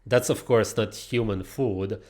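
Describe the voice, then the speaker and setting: A man's voice: fairly low pitch, unhurried, darkish tone. A man commenting on clips in a casual, opinionated, lecturing way, with frequent filler sounds.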